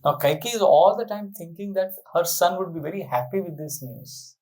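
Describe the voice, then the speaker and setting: A man giving a storytelling sermon on a tour talk, animated and often putting questions to his listeners. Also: high voice, normal speed, low-quality recording. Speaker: spiritual speaker.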